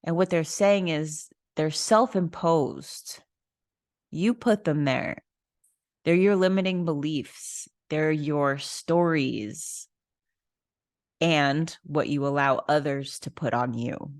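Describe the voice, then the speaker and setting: A woman with a low voice tells a personal story in a slow, unhurried way. She is candid and casual, speaking frankly as a podcast host. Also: no room sound, studio quality. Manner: candid, casual, swears and laughs.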